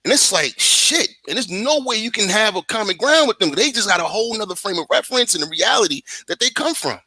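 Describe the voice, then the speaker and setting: Man, American, heated political rant, fast talker, bright tense voice, profane, dry close sound. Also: sits high, slightly rough, no echo. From United States. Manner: animated, profane, rambling with restarts. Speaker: guest on a talk stream. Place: living in Germany.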